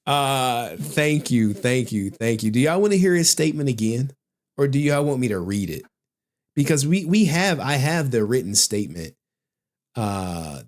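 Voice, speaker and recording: A man's voice: medium pitch, lively intonation, measured pace. A man with a mid-range voice hosts a reaction commentary, reading a document aloud line by line. He keeps stopping to mock it, exasperated and sarcastic, swearing and laughing at the wording. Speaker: commentary channel host.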